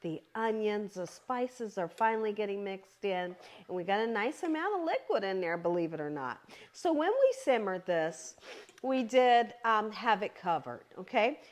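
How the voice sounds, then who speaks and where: A woman's voice: medium pitch, animated, normal speed. A woman hosting her own cooking channel, walking viewers through a home recipe in a chatty, encouraging way and often checking in with "okay?". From American South.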